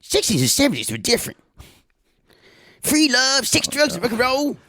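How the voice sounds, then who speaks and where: A man's voice: extremely high pitch, huge pitch swings, moderate pace, sharp tone, a little hiss or hum, voice pushed up, heavily acted. A man voicing a brash, blunt older woman who talks about her wild youth.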